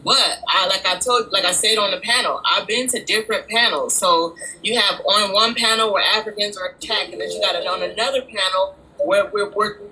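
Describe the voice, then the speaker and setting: Measured, thoughtful woman with a bright voice. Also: mid-range voice, rough recording. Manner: measured and reflective, with restarts. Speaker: guest panelist. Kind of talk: casual discussion.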